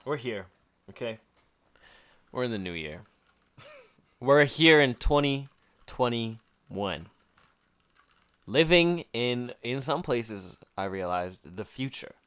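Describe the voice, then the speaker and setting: A young man chatting casually with his friends on a podcast. His pitch swings widely as he rambles, and he breaks into laughter often. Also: expressive, slow, pauses often, a bit bright, smooth, no echo. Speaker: podcast co-host. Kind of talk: casual chat among friends.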